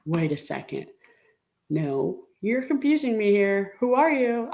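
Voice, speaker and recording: A woman's voice: high-pitched, sing-song, slow, fairly bright tone. A middle-aged woman hosting a casual live stream and talking directly to her viewers in a chatty way. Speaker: live-stream host and reseller.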